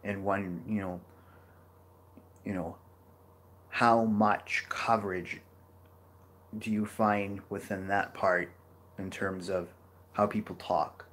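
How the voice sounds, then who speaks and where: A man's voice: sits low, level tone, slow, pauses often, a bit bright. A man giving a casual geography lecture over a map, rambling with many fillers and restarts. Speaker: geography educator.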